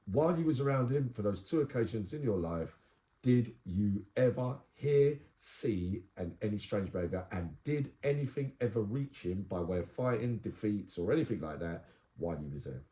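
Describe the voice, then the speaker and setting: Deep, mellow-voiced host in an echoey room. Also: male voice, lively intonation. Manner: blunt, rapid-fire questions, frequent "mm" backchannels. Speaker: podcast host. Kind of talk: casual interview chat.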